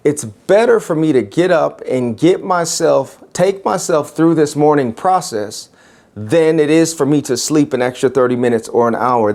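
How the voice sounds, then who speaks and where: A man's voice: mid-range voice, darkish tone. A man giving an emphatic motivational talk to educators and telling a story.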